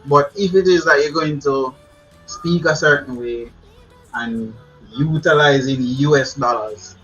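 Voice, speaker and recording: A man's voice: medium pitch, sharp tone, muffled recording. A man with a Jamaican accent giving casual advice to his viewers, chatty, laughing often and repeating words. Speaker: channel host. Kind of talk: casual advice talk to camera.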